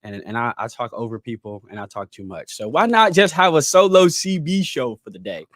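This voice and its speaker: A man's voice: medium pitch, sing-song, fairly quick, a bit bright, dry recording. A man hosting a casual livestream podcast from home, talking loosely in slang and reading chat comments aloud. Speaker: podcast host.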